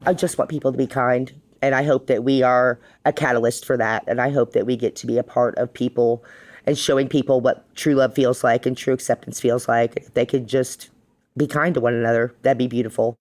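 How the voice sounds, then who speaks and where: A woman's voice: very deep voice, fairly quick. A middle-aged woman who co-owns a bar, chatting as a podcast guest and telling stories full of quoted dialogue. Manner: animated, acts out quotes, says "like" a lot. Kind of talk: casual storytelling. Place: podcast studio.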